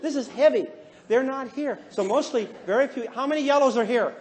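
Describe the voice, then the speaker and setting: A man counseling and teaching a live class in a joking, animated way, often asking the audience questions. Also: very high-pitched, fairly quick, a faint crowd, slight background noise. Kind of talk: humorous lecture to a live class.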